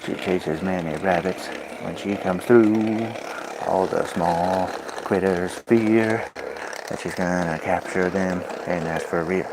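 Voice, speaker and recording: Man, very low voice, monotone, playful rhyming patter, talking to pets, home livestream, noisy background. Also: slow pace. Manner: playful rhymes, coaxing commands to pets. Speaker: livestreamer with his dogs. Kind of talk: rhyming singsong patter while massaging dogs. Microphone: phone microphone on a stream. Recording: clear background noise.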